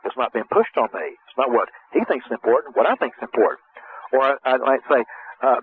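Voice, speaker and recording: A middle-aged man coaching on sales in a folksy, animated way, often acting out dialogue. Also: mid-range voice, quick pace. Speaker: sales trainer. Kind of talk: conversational coaching talk. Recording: tinny phone-line sound with faint hiss.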